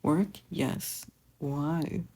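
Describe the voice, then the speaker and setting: A podfic reader voicing a small clingy boy who asks questions in a plaintive, gravelly voice. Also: medium pitch, extremely slow, a little mellow. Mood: pleading.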